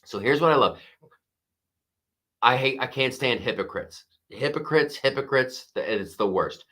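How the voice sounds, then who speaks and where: Middle-aged guy doing a live stream podcast, animated and jokey, bright voice that bounces all over. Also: medium pitch, a little slow. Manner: animated, laughs often, mocking voices for quotes. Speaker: podcast host. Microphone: wearing a strapped headset or mic.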